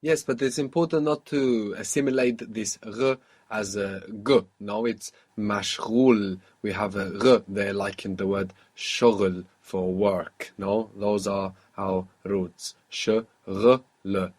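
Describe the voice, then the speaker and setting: A man's voice: on the low side, steady tone, unhurried, a little mellow. A man teaching a language lesson, patiently modelling and repeating each phrase for his student.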